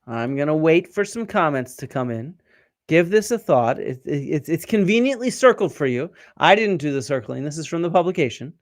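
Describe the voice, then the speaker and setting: In a fairly quick, expressive, fairly high voice, an archaeologist streams a live lecture, breaking ideas down step by step. He quizzes his viewers and replies to their comments, and the studio recording is clean with no room sound.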